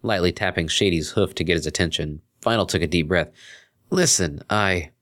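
A man narrating a fan fiction story in an expressive reading. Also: sits low, fast talker.

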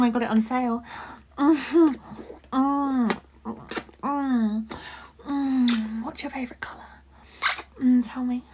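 Giggly breathy woman, whispered role-play. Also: high voice, slight background noise. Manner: giggly, rambling, flustered chatter slipping into soft whispers. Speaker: audio role-play performer.

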